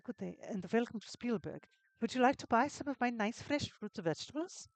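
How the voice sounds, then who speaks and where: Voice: medium pitch, expressive, fairly quick, vocal fry, no room sound, voice pushed up. A game streamer voicing a friendly female centaur who sells fruit, with a sing-song shopkeeper welcome. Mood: welcoming.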